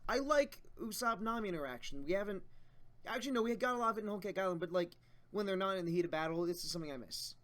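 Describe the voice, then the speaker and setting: A man hosting a casual reaction show from home, thinking aloud in long excited asides about a manga chapter. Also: high voice, rapid-fire. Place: a house with others at home.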